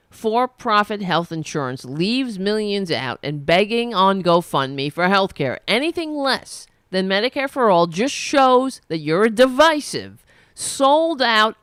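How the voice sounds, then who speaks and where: Animated, profane woman ranting. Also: lowish voice, smooth, no echo, studio quality. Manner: profane, sarcastic and indignant. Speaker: political commentary host. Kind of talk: angry political rant to camera.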